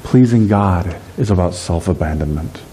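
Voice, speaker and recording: A middle-aged man preaching a sermon as pastor, lively in delivery and slowing down to stress key phrases. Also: deep voice, slight background noise. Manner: dynamic preaching, slows on key phrases, acts out everyday voices.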